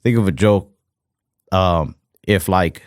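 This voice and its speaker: A man's voice: sits low, slow pace, no echo, studio quality. A young American man co-hosting a casual comedy podcast, rambling with lots of "like" fillers. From United States. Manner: rambling, heavy on fillers like "like" and "fucking". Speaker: podcast co-host.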